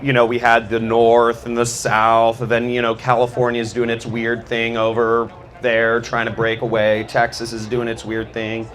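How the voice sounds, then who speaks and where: A man's voice: mid-range voice, fairly bright tone. A man giving a loose, rambling talk, full of fillers and restarts. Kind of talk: casual spoken talk on history.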